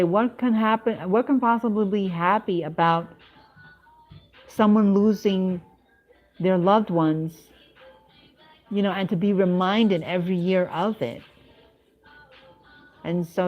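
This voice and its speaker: A woman hosting her own live stream, talking casually and haltingly, with many restarts and fillers. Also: mid-range voice. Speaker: livestream host. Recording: dull lo-fi sound.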